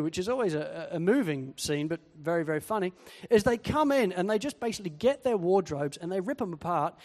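A pastor delivers a sermon in a fairly high voice. He is animated and acts out quoted voices along the way. The sound carries the long echo of a hall.

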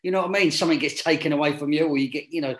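Animated man, slightly high voice. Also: rapid-fire. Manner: animated, laughing, rambling restarts. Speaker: actor guest. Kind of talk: casual chat.

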